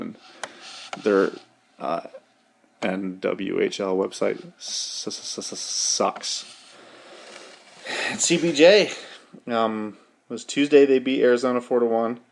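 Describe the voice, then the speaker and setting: A man's voice: medium pitch, a little mellow, slight background noise. A young man hosting a podcast, rattling off hockey scores in a profane, rambling, mock-outraged casual rundown. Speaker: podcast host.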